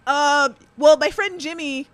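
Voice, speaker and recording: Giggling high-voiced woman podcast host. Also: measured pace, no room sound. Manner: giggly, laughs constantly, reads chat comments aloud. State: laughing to tears. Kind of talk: casual chat.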